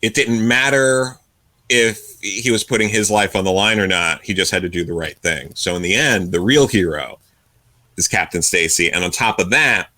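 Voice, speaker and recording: Male co-host, low and sharp-toned, dry mic, fast emphatic talker who stumbles on his words. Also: dry recording. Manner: quick bursts of agreement, stammering restarts. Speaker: podcast co-host. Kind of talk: casual comic book discussion.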